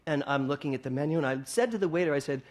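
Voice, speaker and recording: Speaking very fast in a slightly high voice, this minister delivers a sermon over a stage microphone to a congregation gathered in a hall. His storytelling is playful and funny, and he performs each character's lines.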